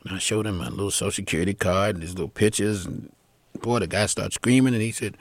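A man being interviewed about his music career tells a long, rambling anecdote full of fillers, animatedly acting out the people in his story. His voice is lowish and his pace quick.

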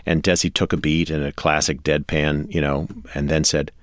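A man as a radio interview guest, telling show-business history in a measured way with fillers. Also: very deep voice, flat delivery, dry recording, clean studio sound.

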